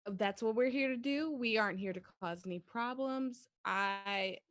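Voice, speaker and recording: A woman player speaking in character as a self-assured champion, measured and deliberate. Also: on the high side, a bit bright, no room sound. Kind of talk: in-character role-play.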